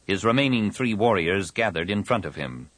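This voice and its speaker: A man's voice: on the low side, expressive, moderate pace, fairly bright tone, no echo. A man reading a science fiction audiobook in dramatic narration. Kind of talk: scripted narration.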